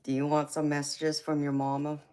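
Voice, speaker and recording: A woman's voice: low voice, completely flat delivery, fairly quick, dark tone, slight background noise. A woman with a Georgia accent reading tarot on a livestream, chatting with viewers and calling them honey and sweetheart. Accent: Southern US, Georgia. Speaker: tarot reader hosting a livestream. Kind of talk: casual livestream chat.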